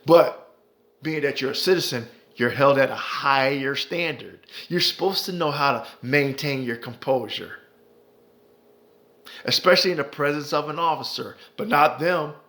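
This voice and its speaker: A man's voice: mid-range voice, normal speed, sharp tone. A man delivering impassioned ranting commentary, profane and heated, repeating phrases for emphasis. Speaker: commentary vlogger.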